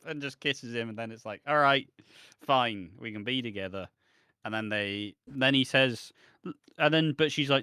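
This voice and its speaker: A man with a British accent co-hosting a podcast, recapping soap episodes in animated, casual chat with laughter. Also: mid-range voice, moderate pace, smooth, dry recording, studio quality. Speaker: podcast co-host.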